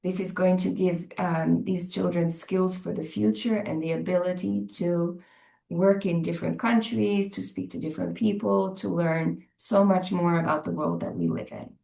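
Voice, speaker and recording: Earnest Northern Irish woman, gravelly. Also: on the low side, normal speed, warm tone. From Northern Ireland. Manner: thoughtful, earnest, restarts words. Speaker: English language teacher, guest. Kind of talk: interview answers. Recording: echoey room.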